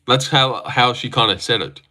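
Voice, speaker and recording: Bright-voiced man teasing on stream. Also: mid-range voice, normal speed. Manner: joking, teasing, swearing. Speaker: streamer reacting to fights. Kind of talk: casual stream chat.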